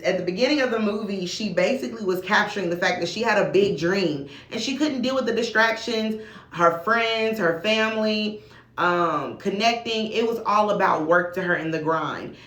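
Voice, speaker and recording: A woman talking casually to camera as a video blogger, chatty and relaxed, with casual slang. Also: fairly low pitch. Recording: echoey room.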